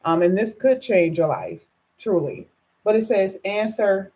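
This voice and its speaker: A woman's voice: lowish voice, animated, moderate pace, dark tone. A woman who has just woken up, doing a chatty live tarot reading and greeting her viewers by name. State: just woke up, voice low. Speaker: tarot reader.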